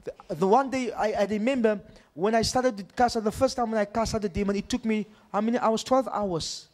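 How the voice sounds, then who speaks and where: A man's voice: high-pitched, a little fast, a little mellow. A male pastor preaching animatedly, repeating phrases and checking in with his congregation. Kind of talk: sermon.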